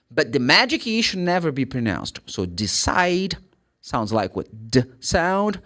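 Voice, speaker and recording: Brazilian guy teaching english pronunciation, voice jumps up and down a lot, sounds out letters one by one. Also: mid-range voice. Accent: Brazilian Portuguese. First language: Brazilian Portuguese. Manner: animated, spells out letters and sounds. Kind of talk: pronunciation lesson.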